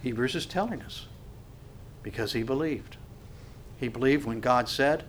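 A man preaching a sermon, swinging from hushed to loud and asking the congregation rhetorical questions. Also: medium pitch, a little slow, a little hiss or hum. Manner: acts out quoted voices. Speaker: pastor.

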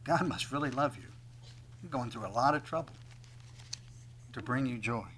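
A man preaching a sermon, reading scripture aloud and swinging from loud emphatic declarations to hushed whispers. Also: mid-range voice, normal speed, slight background noise, low-quality recording. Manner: acts out dialogues with God in other voices. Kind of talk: sermon, Bible teaching.

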